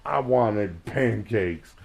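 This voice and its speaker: Man doing a whiny, bratty teen girl, sulky and mocking, raised pitch, loud. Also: steady tone, takes it slowly. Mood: mocking whine. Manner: mocking, exaggerated complaining.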